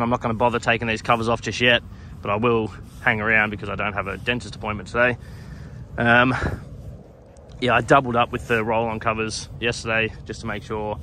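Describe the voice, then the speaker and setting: A man's voice: medium pitch, fairly bright tone, poor audio. A man vlogging about his work as a cricket groundskeeper in a casual, rambling way, swearing freely and talking bluntly. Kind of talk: casual vlog monologue.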